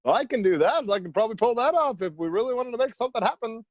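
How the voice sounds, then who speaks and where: A man's voice: very high-pitched, animated, fast talker, no echo. A man playing a chatty, boastful skinny hobgoblin in a tabletop game, teasing and rambling. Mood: playful. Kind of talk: tabletop role-play in character.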